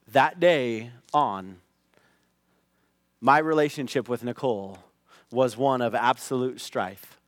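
A man's voice: mid-range voice, no echo. Storytelling male pastor, dry sound. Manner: conversational storytelling, rising to loud acted outbursts. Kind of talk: sermon with personal story.

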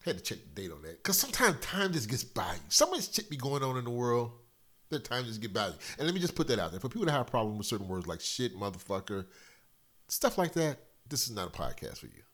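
A middle-aged man hosting a casual solo podcast, loose and profane, slightly congested from a cold, swinging between loud and quiet. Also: mid-range voice, sing-song, fast talker. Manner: loose, profane, rambling storyteller with big swings in loudness. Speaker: podcast host.

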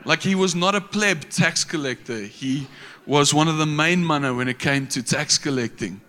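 A man's voice: on the high side, moderate pace, pushed and bright, long reverb tail. A man preaching a sermon in a casual, slangy way, with frequent restarts.

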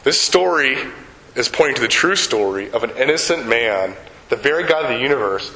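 An older man preaching a sermon. He tells a story, slows down on key words and puts questions to the congregation. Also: medium pitch, animated, pushed and bright, echoey room, poor audio. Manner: storytelling, slows down for emphasis, asks the audience questions. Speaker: pastor.

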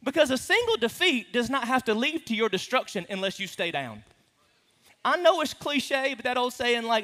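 Pastor, male, animated sermon delivery with playful asides; bright tone, long hall reverb. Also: very high-pitched, normal speed. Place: large hall with a congregation.

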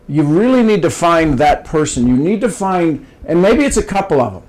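A man's voice: on the high side, big pitch swings, moderate pace, darkish tone, poor audio. An older man from Ohio, a podcast guest talking in a folksy, coaching way, often restarting and repeating words. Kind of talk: casual advice-giving conversation.

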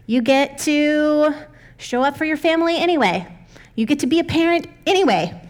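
Young woman, pastor, candid sermon, chatty, laughs often, fairly high voice. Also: animated, moderate pace. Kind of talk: conversational sermon.

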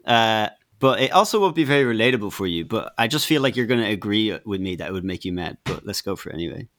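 A man's voice: fairly low pitch, animated, quick pace, a bit bright. A young man, a podcast guest who talks bluntly, swears freely and laughs as he tells his complaint. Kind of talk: casual podcast chat.

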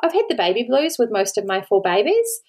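A woman's voice: fairly high pitch, very animated, brisk, darkish tone, husky. An Australian woman, a podcast host and mother, talking earnestly and pleadingly to listeners, near tears, repeating words for emphasis. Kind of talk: solo podcast talk.

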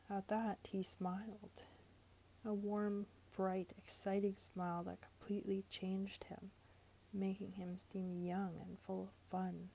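A woman reading a novel chapter aloud, measured and even. Her voice is husky and dark, with steady gravelly fry. She keeps a flat, level pitch. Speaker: audiobook narrator. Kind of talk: storybook reading.

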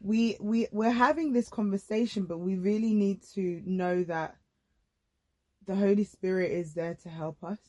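A woman hosting a casual faith-based podcast conversation. She speaks earnestly and reflectively, often pausing to rephrase. Her pitch is mid-range. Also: steady tone, warm tone, highs cut off. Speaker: podcast host.

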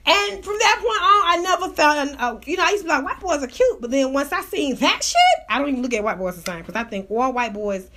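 A woman with a high, bright voice hosts a podcast in loose, casual chat. She tells a story with plenty of swearing and keeps jumping into the voices of the people she's quoting. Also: quick pace, hardly any pauses. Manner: animated, profane, acts out quotes. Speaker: podcast host.

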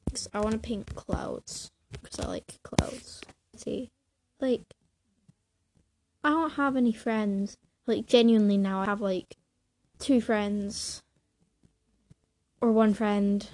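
A young woman rambling in a casual vlog, hyper and scattered, full of fillers and restarts, a little out of breath, sitting on her bed. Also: mid-range voice. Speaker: vlogger. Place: bedroom, sitting on a creaky bed. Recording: noisy home recording.

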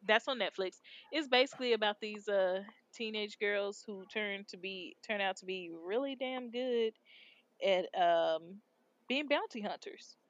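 A woman's voice: mid-range voice, unhurried, no echo, highs cut off. A woman co-hosting a casual podcast chat, retelling shows in a slangy, laid-back way with lots of fillers. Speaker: podcast co-host.

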